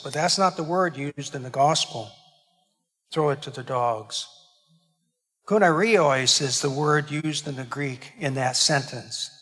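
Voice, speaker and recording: Priest preaching in a reverberant church. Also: male voice, fairly high pitch, fairly bright tone. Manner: explains Greek words with dramatic emphasis. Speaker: pastor. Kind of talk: sermon.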